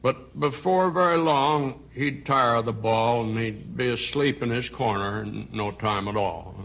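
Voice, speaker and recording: A man recites a poem slowly and gently, with a wistful tone. His voice is gravelly and husky, with creak at the ends of phrases. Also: medium pitch.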